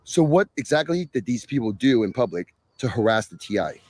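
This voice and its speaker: A man's voice: medium pitch, very animated, brisk, darkish tone. A man hosting a live stream, talking casually to viewers in a sarcastic, exasperated rant. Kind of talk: ranting casual talk to viewers.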